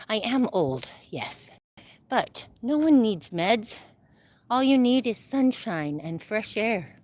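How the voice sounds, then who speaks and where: A breathless middle-aged woman from Utah chats into her phone while walking outdoors. Her voice is fairly high and lively, and she rambles and laughs often between exercises. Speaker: livestream host. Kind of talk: casual live-stream chat while exercising.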